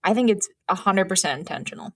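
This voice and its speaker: Femme au ton pince-sans-rire, son sec. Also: female voice, mid-range voice, lively intonation, fast, no echo. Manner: wry, conspiratorial storytelling. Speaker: podcast co-host. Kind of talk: casual comedic sports chat.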